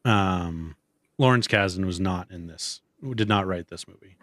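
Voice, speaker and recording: Brief: young male podcast co-host, lowish voice, dry close sound, animated movie chat. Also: measured pace, no room sound. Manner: animated, acts out movie quotes in a high voice. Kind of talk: casual movie discussion.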